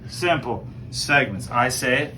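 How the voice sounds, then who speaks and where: A man's voice: medium pitch, expressive, slow, very noisy. A man with a Newfoundland accent leading a crowd through a joking screech-in ceremony, playful and teasing. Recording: distant mic with loud background.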